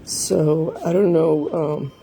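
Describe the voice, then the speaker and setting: Low raspy-edged mom on a phone live stream, choking back tears, noisy fan hum behind. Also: female voice, very animated, dark tone. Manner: emotional, keeps pausing and addressing viewers. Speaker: livestreamer. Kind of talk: live stream talk to viewers. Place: home room with a fan running.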